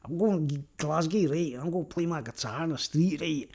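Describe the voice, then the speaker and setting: A man's voice: a little high, moderate pace, vocal fry, a little mellow. A Scouse man doing a menacing Glaswegian busker. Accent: mock Glaswegian over Scouse. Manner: repeats "right?" with threats. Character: tough Glaswegian male street busker, menacing.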